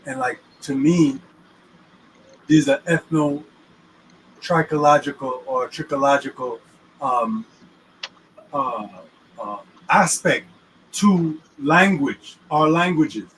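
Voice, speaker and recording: A man's voice: fairly high pitch, takes it slowly, pauses often, fairly bright tone. Slang-heavy man teaching from a car. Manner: street slang, keeps asking if you follow him. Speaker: host explaining the weekly Torah portion. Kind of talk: casual teaching chat. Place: inside a moving car. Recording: distant mic in a car with faint road noise.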